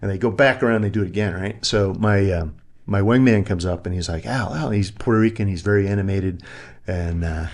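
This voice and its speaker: A man's voice: low voice, a little fast, a little mellow. A middle-aged man, a retired army pilot being interviewed, telling war stories and acting out other people's voices. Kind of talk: animated storytelling in conversation.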